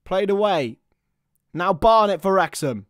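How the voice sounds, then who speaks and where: A man giving live football commentary, chatty with listeners and bursting into shouts at chances and goals. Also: high voice, animated, a little slow, clear, resonant tone, no room sound, clean studio sound.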